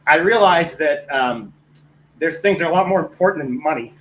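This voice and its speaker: A man's voice: on the high side, animated, a little fast, slight background noise, poor audio. A man appearing as a guest on a talk show, speaking bluntly and outspokenly and then apologizing for his outbursts. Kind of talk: casual political chat.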